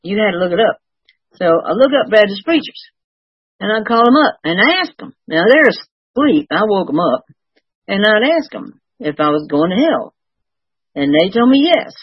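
A woman's voice: mid-range voice, sing-song, moderate pace, slightly rough, no echo, lo-fi sound. An older woman sharing her recovery story with wry, self-mocking humor. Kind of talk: personal testimony, storytelling.

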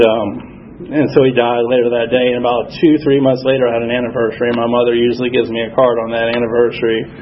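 A man shares his recovery story at a support meeting, pausing often and circling back with fillers. His voice is gravelly and stays flat, with little rise and fall. The recording is dull and lo-fi, with faint noise behind him. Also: mid-range voice. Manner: halting, many fillers, reflective and earnest. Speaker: AA speaker sharing his story. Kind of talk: personal recovery talk at a meeting.

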